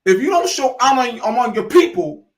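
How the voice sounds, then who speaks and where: A man's voice: very high voice, lively intonation, moderate pace. A man giving an impassioned, repetitive lecture as a host, talking informally and slipping into dialect. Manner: preachy and repetitive, building in fervor.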